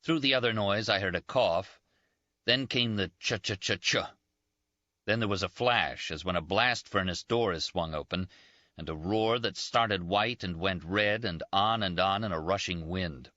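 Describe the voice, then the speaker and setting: Man, audiobook narrator, low voice, measured and grave, dry muffled recording. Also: sharp tone, no room sound. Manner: measured, grave first-person reading. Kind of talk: scripted narration.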